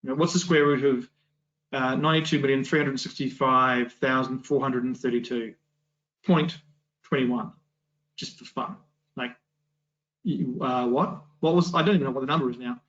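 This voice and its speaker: A man's voice: medium pitch, steady tone, moderate pace, pauses often, a bit bright, lo-fi sound. A man teaching an adult Sunday school class, talking in a loose, conversational way with many restarts and rhetorical questions.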